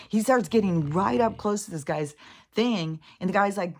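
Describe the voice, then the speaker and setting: A woman rambling casually in a spiritual vlog, swearing freely and getting animated as she retells a scene. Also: fairly low pitch, a little slow. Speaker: spiritual vlogger. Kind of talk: rambling monologue.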